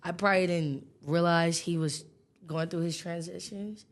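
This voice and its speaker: A woman's voice: on the low side, steady tone, moderate pace. A woman guest on a casual podcast, talking hesitantly and hedging with "probably" and "um".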